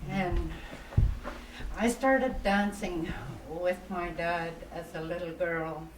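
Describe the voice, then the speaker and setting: Soft-spoken and laughing warmly between frequent pauses, an older woman, an Elder storyteller from the Inuvialuit Settlement Region in Canada, shares relaxed memories. Her voice is on the low side with a steady tone. She's recorded in an echoey workshop room on a distant mic, with a faint hum.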